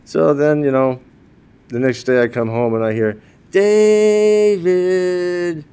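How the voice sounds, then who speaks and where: An older man, mid-pitched, speaks at a funeral and remembers his wife. He tells funny personal stories and laughs at his own jokes. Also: fairly even intonation, moderate pace, darkish tone, smooth. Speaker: widower giving a eulogy. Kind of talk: funeral eulogy told as personal anecdotes.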